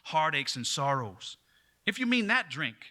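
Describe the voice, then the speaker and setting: A man's voice: on the high side, big pitch swings, measured pace, pushed and bright, exaggerated voice. A man voicing a Southern legislator giving a grand, declamatory floor speech with a Southern US accent. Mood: oratorical. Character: booming Southern male legislator orating.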